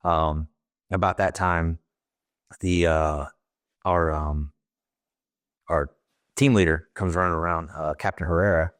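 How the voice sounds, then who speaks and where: Very deep-voiced former Marine telling a story. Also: male voice, fairly even intonation, a bit bright, no room sound. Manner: plain, halting retelling with many fillers and quoted dialogue. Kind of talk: casual storytelling in conversation.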